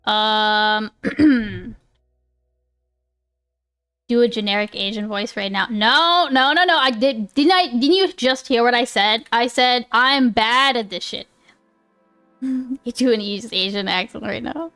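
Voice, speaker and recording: A woman's voice: fairly high pitch, slow, long pauses, fairly bright tone, clear, resonant tone, faint music behind. A woman live streamer chatting casually with her viewers. She rambles, restarts often, laughs a lot and swears freely.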